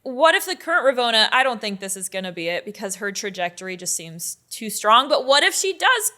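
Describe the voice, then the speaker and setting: A woman in a casual panel chat, lively with quick reactions. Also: fairly high pitch. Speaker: co-host.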